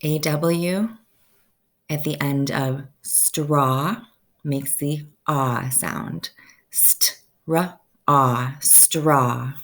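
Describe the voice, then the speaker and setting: A woman teaching a first-grade phonics lesson, slowly stretching out each sound so children can say the words with her. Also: low-pitched, steady tone.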